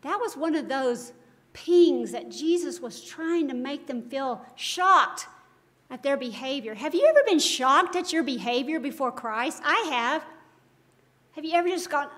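A woman's voice: high-pitched, lively intonation, a little slow, a bit bright. A woman giving a devotional Bible teaching, earnest and emphatic, full of rhetorical questions.

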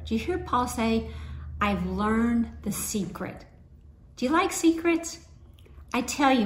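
A woman delivers a sermon in a relaxed, conversational tone and mixes scripture with homey stories from her own life. Her voice sits at an ordinary middle pitch. The room is roomy, and her words carry a clear echo. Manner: conversational, storytelling with personal anecdotes. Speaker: preacher. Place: church sanctuary.

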